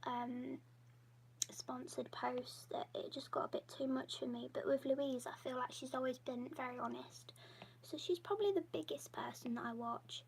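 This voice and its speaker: A woman chats on a live-stream Q&A in a soft, half-whispered voice that wanders from thought to thought as she draws. Her voice sits high with a gravelly creak running through it, over a faint hum. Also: moderate pace, low-quality recording. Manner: drawing while she talks. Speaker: YouTuber and artist. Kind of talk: casual live-stream Q&A chat.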